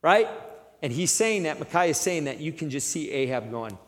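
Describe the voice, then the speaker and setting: A man preaching a sermon in a conversational, animated manner, acting out the story as he tells it. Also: on the high side, normal speed, long reverb tail.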